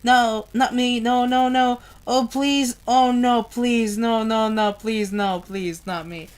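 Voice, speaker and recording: A frightened young man cries out for his mother in broken, desperate pleas, as a woman reads him from a novel. The words come slowly, in a voice pitched a little high. It is a storybook reading. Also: fairly even intonation. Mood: panicked. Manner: desperate, halting pleading.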